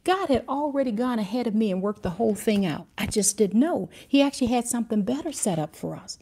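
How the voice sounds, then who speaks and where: Mellow, husky-voiced woman preaching. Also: fairly high pitch, animated, fast talker. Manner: earnest storytelling, drifting and circling back. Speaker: Christian teacher and mentor. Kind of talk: livestreamed devotional talk. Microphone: livestream camera mic.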